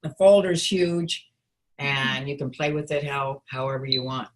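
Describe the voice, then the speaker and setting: A woman voice actress and coach chatting casually in an interview, relaxed and playful, with plenty of fillers. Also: extremely low pitch, unhurried.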